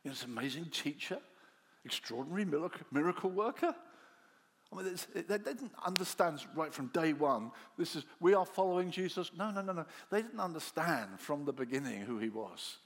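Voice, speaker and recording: Heard with long hall reverb, a preacher tells the story animatedly at a moderate pace. He plays the disciples' voices himself and goes soft and low for the quieter lines.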